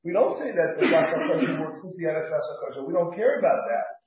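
A man's voice: on the high side, lively intonation, background noise. A rabbi leads a class in a loose, searching way, circling back and restarting as he works through the text. His voice sits a little above the usual male range. The recording is heavily echoey and muffled. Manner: halting, thinking aloud with many fillers and restarts. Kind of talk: casual classroom lecture.

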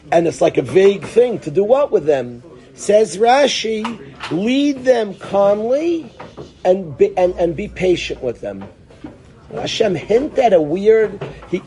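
Male rabbi giving a Torah class, warm and higher-pitched, acting out questions and answers as he thinks aloud. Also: slight background noise. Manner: sprinkles Hebrew and Yiddish terms. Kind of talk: Torah lesson.

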